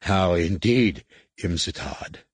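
A man voicing a cold, menacing alien warrior commander who speaks slowly and with measured threat, in a husky voice. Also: deep voice, dry recording. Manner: slow, measured, coldly threatening.

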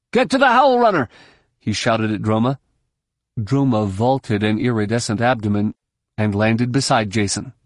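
A man reading scripted narration for an audiobook in a measured, steady storytelling manner. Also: mid-range voice, dry recording, studio quality.

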